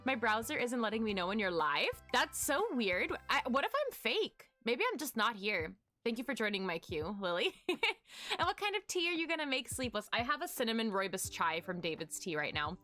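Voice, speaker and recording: Giggly streamer girl chatting w chat, high and super lively. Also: fairly quick, faint music behind. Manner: bubbly, giggly, reads chat aloud. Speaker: livestreaming artist. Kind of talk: casual chat greeting viewers.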